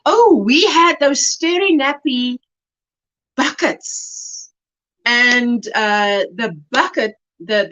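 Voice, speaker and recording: Heard through dull audio, this woman has a slightly high voice and a South African accent. She is middle-aged and runs a relaxed crochet livestream, warmly chatting as she reads viewers' comments and calls them sweetheart.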